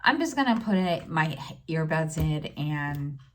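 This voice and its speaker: A middle-aged woman talking in a casual personal vlog, halting and full of fillers, close to tears. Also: sits low, animated, a little hiss or hum. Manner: halting, many fillers and restarts. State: tearful, near crying. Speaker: stitching vlogger.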